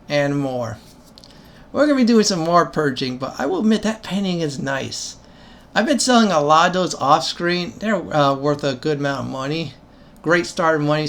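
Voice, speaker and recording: A man's voice: a little high, fairly bright tone. A man hosting a let's-play video, giving game commentary in a chatty, gleeful, rambling way. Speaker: gaming channel host.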